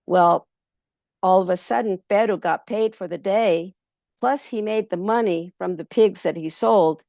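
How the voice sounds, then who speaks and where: A woman storyteller at a festival workshop who tells a folk tale in an easy, rambling way, with many pauses. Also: medium pitch, vocal fry, no room sound, clean studio sound. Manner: relaxed, many ums and restarts.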